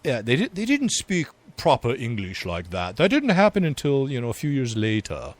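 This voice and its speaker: A man's voice: mid-range voice, wildly swooping pitch, normal speed. A man co-hosting a casual political chat show, rambling with fillers and frequent asides. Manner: rambling, chuckling, filler-heavy. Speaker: podcast co-host.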